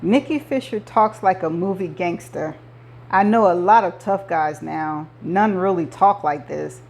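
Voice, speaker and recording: A woman reading a novel aloud, narrating in the first person with measured delivery. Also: fairly low pitch, vocal fry, darkish tone. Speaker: audiobook reader.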